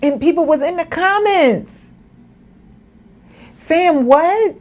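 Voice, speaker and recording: Woman co-host; high, swooping delivery; animated casual commentary. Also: slow. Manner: animated, laughing, mock-outraged asides. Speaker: podcast co-host. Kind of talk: casual political commentary chat.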